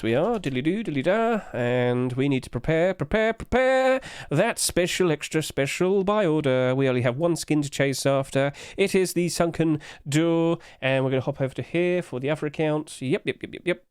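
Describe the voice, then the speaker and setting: A man's voice: a little high, darkish tone, smooth, no room sound, clean studio sound. Chatty man streaming live. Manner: chatty, sing-song filler noises. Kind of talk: casual live-stream commentary.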